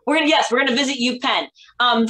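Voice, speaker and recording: A woman's voice: a little high, fast, bright, forceful tone, poor audio. A woman comedian in her forties chatting self-mockingly on a video call from a hotel laundry room. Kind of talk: stand-up chat.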